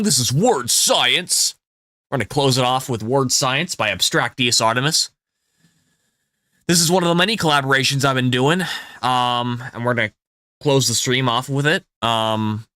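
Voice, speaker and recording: Bright-voiced casual male streamer. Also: mid-range voice, clean tone, no room sound, studio quality. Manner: loose and profane, with frequent ums and restarts. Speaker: game streamer. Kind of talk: casual live-stream chat.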